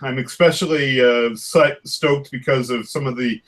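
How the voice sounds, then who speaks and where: A man chatting casually, with many restarts and halting phrases, sounding keen about cartoon news. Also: mid-range voice, low-quality recording. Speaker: cartoonist in a drawing group. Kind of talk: casual chat.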